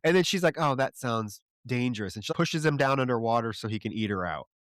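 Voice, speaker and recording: A male podcast co-host retells a film's plot in loose, profane chat, slipping into characters' lines as he goes. His voice is smooth and resonant. The recording is close and dry. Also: mid-range voice, very animated, quick pace, no echo. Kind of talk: casual plot recap.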